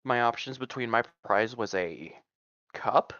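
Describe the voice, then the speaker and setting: A man's voice: medium pitch, unhurried, fairly bright tone, dry recording, muffled recording. A man chatting casually over a voice-chat mic, laid-back and rambling. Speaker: stream co-host on voice chat.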